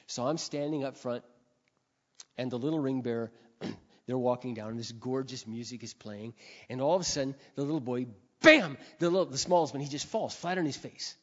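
A man preaching a sermon, telling stories with big swings between quiet and shouted passages. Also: mid-range voice, steady tone, a little fast. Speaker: pastor. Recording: dull sound with long hall reverb.

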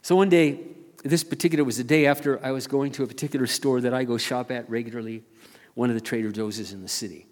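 An older man preaching as a pastor, telling a story earnestly and haltingly, often repeating his words. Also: medium pitch. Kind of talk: sermon storytelling. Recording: long reverb of a large hall.

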